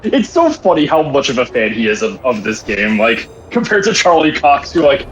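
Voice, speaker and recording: A man's voice: mid-range voice, moderate pace, muffled recording, slight background noise. A man co-hosting a livestream, chatting casually and laughing a lot while cooking at home, talking into a computer mic on a voice call. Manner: laughing, joking, lively. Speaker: stream co-host.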